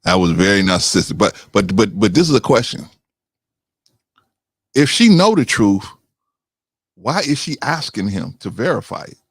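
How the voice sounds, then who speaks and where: A man's voice: fairly low pitch, moderate pace, vocal fry, long pauses, breathy edge, no room sound. A man hosting a casual talk show, reacting and asking questions. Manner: lively, questioning, reacts with short interjections. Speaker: podcast host. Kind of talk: casual chat.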